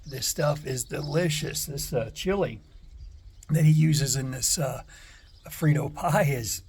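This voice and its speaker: A man vlogging casually from outdoors on a store porch, talking in a relaxed, halting way with many pauses and fillers. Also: fairly high pitch, noisy background. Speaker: travel vlogger on a bike trip. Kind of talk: casual vlog.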